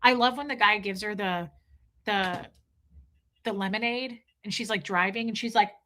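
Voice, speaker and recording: A woman hosting a livestream speaks with a mid-range, steady voice at a moderate pace, her tone pushed and bright. She chats casually with viewers, reads their comments and gushes over favorite films, exclaiming and quoting lines from them.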